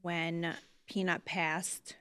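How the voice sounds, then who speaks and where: A woman's voice: on the low side, level tone, drawn-out words, pushed and bright, smooth, no echo. A woman with a New Jersey accent hosting a podcast in casual talk, frank and swearing, holding back tears as her voice drops to near whispers. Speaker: podcast host.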